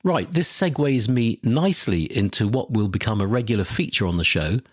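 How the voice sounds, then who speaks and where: A man's voice: on the low side, lively intonation, moderate pace, no room sound, clean studio sound. A man hosting a podcast, talking through listener questions in an opinionated, conversational way. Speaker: podcast host. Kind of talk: solo podcast talk.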